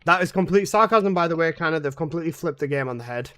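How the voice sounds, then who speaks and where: A man's voice: a little high, animated, quick pace, bright, forceful tone. A young man streaming a game live, rambling casually, swearing freely and being sarcastic as he talks to his teammates. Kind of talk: casual live-stream commentary while playing.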